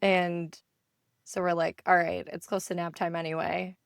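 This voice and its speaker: Gravelly-voiced woman telling a story. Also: lowish voice, normal speed, dry recording, studio quality. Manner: animated storytelling, acting out her kids' voices. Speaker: podcast co-host. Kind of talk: casual chat.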